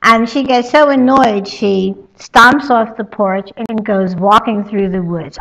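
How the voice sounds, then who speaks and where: A woman spiritual teacher telling a traditional story in a slow, halting way, with many pauses. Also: on the high side, creaky, poor audio. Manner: slow, halting, with fillers and soft asides.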